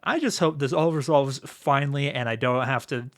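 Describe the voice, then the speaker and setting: A young man co-hosting a casual podcast chat, recapping in a halting way full of fillers. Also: medium pitch. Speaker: podcast co-host.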